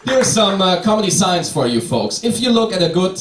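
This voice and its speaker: A young man with a German accent performing a stand-up comedy set, wry and animated, with fillers and restarts. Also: sits high, fairly quick. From Bavaria, Germany. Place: comedy club stage. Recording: echoey club from a distance with crowd laughter. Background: audience laughter and noise.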